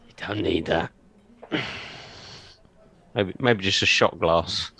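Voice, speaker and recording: A man's voice: sits low, slow pace, vocal fry, bright, forceful tone, slightly rough, no echo. A man playing in a tabletop game, making brief, joking asides. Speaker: player. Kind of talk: casual tabletop play.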